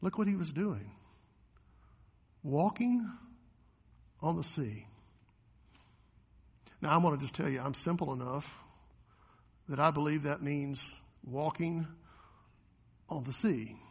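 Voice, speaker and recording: A man preaching a sermon as a pastor, animated, often acting out the voices of the people in the story. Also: on the high side, takes it slowly, pauses often, slightly rough, long reverb tail.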